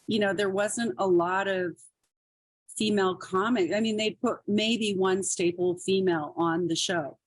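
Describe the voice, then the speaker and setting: A woman's voice: medium pitch, no room sound. A woman comedian and actress, telling stories as a podcast guest in a chatty way full of fillers. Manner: chatty, many fillers like "like" and "you know". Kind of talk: casual storytelling.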